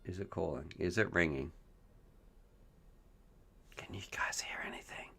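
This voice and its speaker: A man's voice: sits low, unhurried, vocal fry, pushed and bright, breathy edge, whispered. A man hosting a casual live stream on a headset mic. He chats, jokes and reads viewer questions aloud. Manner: chatty, joking, reads chat messages aloud.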